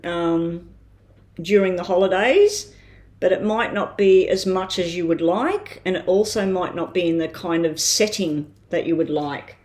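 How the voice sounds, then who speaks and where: A woman giving a live-stream tarot reading in a casual way, thinking aloud with frequent ums and pauses. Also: lowish voice, darkish tone. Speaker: tarot reader. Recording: roomy echo.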